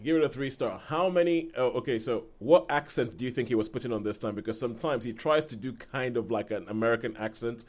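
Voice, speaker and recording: A man co-hosting a film podcast, chatting casually with rambling restarts and quick laughs. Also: mid-range voice. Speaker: podcast co-host. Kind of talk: casual film review chat.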